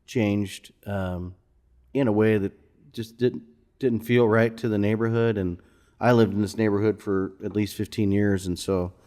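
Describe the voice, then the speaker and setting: Low-ish guy from missouri, laid back, just chatting in a bar lounge about growing up. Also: steady tone, unhurried, mellow. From Missouri, USA. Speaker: musician guest. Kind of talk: casual interview conversation.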